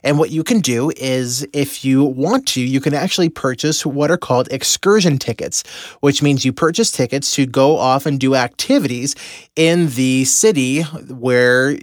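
A man telling a personal story as a motivational mentor, animated and acting out the voices of the people in it. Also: mid-range voice, no room sound, clean studio sound.

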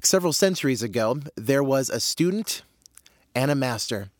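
A man's voice: mid-range voice, lively intonation, normal speed, no room sound, clean studio sound. A man giving a motivational training talk in an earnest way, telling stories as he goes. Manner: earnest storyteller, acts out voices.

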